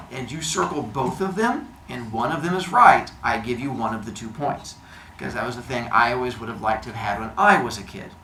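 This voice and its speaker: A man's voice: medium pitch, lively intonation, brisk, fairly bright tone, a little hiss or hum. A man teaching a class, giving quiz instructions in a playful, jokey way with silly made-up words. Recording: echoey classroom, faint ambience.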